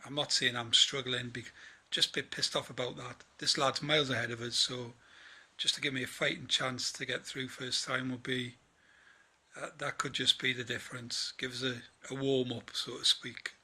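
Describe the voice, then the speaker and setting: Man, 40s, husky, very bright voice, tired, rambling casual diary. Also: mid-range voice, little pitch movement, moderate pace. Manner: rambling, chatty, quotes others in conversation. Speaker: vlogger.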